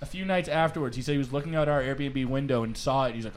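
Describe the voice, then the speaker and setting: A young man hosting a podcast in a studio, telling stories in a lively, swearing, casual way. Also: mid-range voice, fast talker, rough recording. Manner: animated storytelling, swearing, laughing often. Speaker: podcast host. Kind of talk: casual chat.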